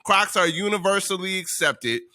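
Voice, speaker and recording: A man co-hosting a podcast in casual chat, animated and playfully arguing back. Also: sits high, normal speed, over a noisy crowd. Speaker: podcast co-host.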